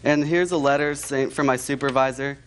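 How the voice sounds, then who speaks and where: A man's voice: mid-range voice, steady tone, a little fast, fairly bright tone, a little hiss or hum. A man plaintiff giving testimony in a television courtroom, stating his case plainly.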